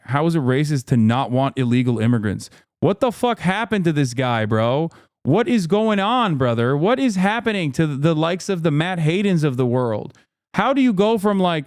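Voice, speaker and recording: A man's voice: medium pitch, a little mellow, clean tone, no room sound, studio quality. A man hosting a livestream, reading chat aloud and ranting in a heated, profane, exasperated way. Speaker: livestream host.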